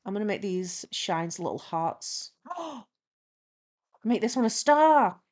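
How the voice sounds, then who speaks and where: A young woman streaming while she animates, chatting and retelling a story with lively quoted dialogue. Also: mid-range voice, slow pace.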